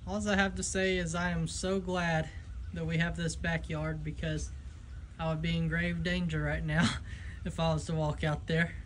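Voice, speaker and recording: Outdoors on his homestead, in and around a chicken coop, a man vlogs to camera, joking, laughing and getting exasperated as he talks to his animals. His voice is on the high side with a flat delivery and moderate pace, and there's a little hiss or hum on the recording.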